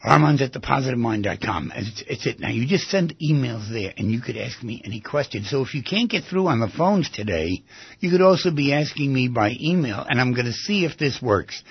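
A man's voice: mid-range voice, expressive, brisk, creaky, slightly rough, no room sound, dull audio. A man hosting a radio talk show as a psychotherapist, talking in a rambling, conversational way and repeating himself.

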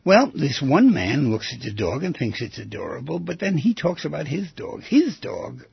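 A man with a deeply raspy, gravelly voice hosts a radio call-in show, musing aloud with lively swings of pitch. The sound is dull and lo-fi, close and dry with no room around it. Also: moderate pace, no room sound. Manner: musing, rhetorical questions, conversational asides. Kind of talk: reflective radio monologue.

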